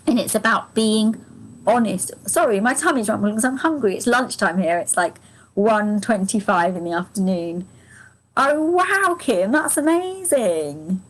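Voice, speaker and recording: A woman with a mid-range voice gives a live angel card reading, chatty and gushing, laughing often and addressing viewers by name. Her voice sounds strained and fading, and the recording is rough.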